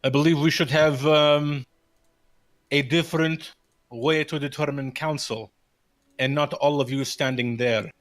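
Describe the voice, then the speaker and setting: A man voicing a scheming townsman who calmly accuses the steward. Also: on the high side, measured pace. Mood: probing.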